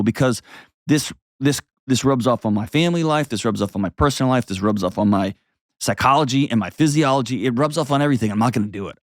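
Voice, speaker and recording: A man's voice: medium pitch, no room sound, studio quality. A middle-aged man hosting an advice show, blunt and emphatic, driving his points home with short repeated commands. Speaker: show host. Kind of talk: opinionated advice commentary.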